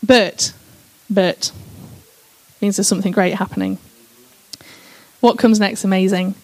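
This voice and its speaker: A woman's voice: medium pitch, a little slow, pauses often, darkish tone, low-quality recording. A woman sharing her personal testimony with emphasis, reading scripture aloud and addressing her listeners as "guys".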